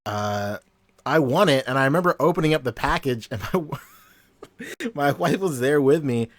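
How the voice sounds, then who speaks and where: Animated man laughing through podcast chat. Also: medium pitch, moderate pace, no echo. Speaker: podcast co-host. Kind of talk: casual chat.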